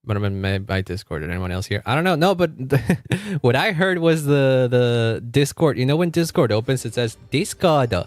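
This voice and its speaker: A man's voice: medium pitch, animated, normal speed, dry recording. A young man streaming a game from home, chatting casually, swearing freely and laughing often. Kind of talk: casual gaming livestream chat.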